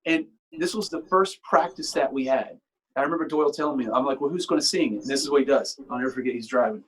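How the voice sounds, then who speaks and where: A middle-aged man, a guest musician, telling stories in a lively way and mimicking sounds and voices. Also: mid-range voice, fast talker, husky, rough recording. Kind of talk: casual storytelling chat.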